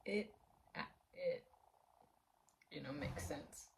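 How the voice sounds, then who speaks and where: A woman's voice: low-pitched, huge pitch swings, drawn-out words, gravelly, a little mellow, a little hiss or hum, low-quality recording. A woman in her twenties chatting casually to camera at home, rambling, laughing often and dropping into half-whispers. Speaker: vlogger.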